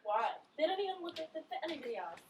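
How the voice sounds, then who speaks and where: High, lively, giggly young woman. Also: very fast, slight background noise. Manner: giggly, playful teasing. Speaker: co-host friend. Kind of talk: casual chat.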